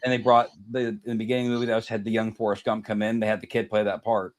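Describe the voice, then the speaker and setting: A man's voice: lowish voice, flat delivery, rapid-fire. A man, co-hosting a casual podcast chat, telling a story and laughing at his own jokes. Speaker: podcast co-host.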